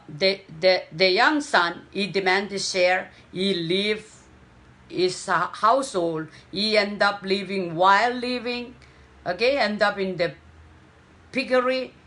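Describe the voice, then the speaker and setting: A woman preaches. She takes her time, pressing on key words and pausing to check in with her listeners. Her delivery is unhurried and earnest. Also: mid-range voice, fairly bright tone. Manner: slow, emphatic preaching with frequent "okay?" checks. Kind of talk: sermon.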